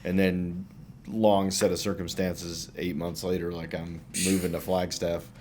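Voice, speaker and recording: A man's voice: deep voice, level tone, unhurried, a little mellow, a little hiss or hum. A man in his thirties from Utah co-hosting a podcast, rambling through stories in a laid-back way and swearing casually. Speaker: podcast co-host. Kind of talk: casual chat.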